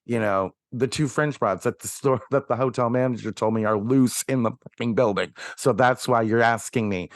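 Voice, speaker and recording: A man's voice: medium pitch, normal speed, hardly any pauses, dry recording, studio quality. A man co-hosting a podcast, wryly picking apart a sitcom plot in casual chat. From Orlando. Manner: wry, picks the plot apart. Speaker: podcast co-host.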